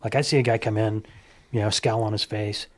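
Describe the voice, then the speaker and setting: Husky man telling stories. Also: fairly low pitch, fairly quick. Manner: animated storyteller, acts out quoted voices. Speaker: guest. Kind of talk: casual conversation, telling stories.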